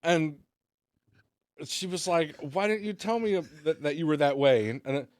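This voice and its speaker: A man's voice: fairly high pitch, normal speed, a little mellow, dry recording, studio quality. A man who is a guest on a casual podcast, telling stories in a laid-back way and swearing a lot. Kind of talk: casual chat, storytelling.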